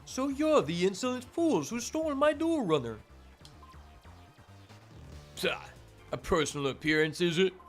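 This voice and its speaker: A man's voice: high voice, very animated, a little slow, long pauses, soft background music, pitched above the performer's own voice. A man voicing a haughty, sneering male villain duelist while reading game dialogue aloud.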